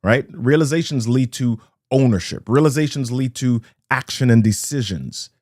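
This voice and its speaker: A man's voice: medium pitch, normal speed, darkish tone, no room sound, studio quality. A man giving a live motivational talk to online viewers. He speaks in rhythmic phrases, repeats key lines and greets viewers by name.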